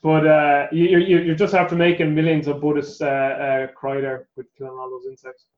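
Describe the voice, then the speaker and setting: An Irish man hosts a casual interview, chatty and quick to swear, often stammering into repeated words. His voice sits a bit high. The sound is roomy and somewhat dull, like a remote call. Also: flat delivery, darkish tone. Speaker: podcast host.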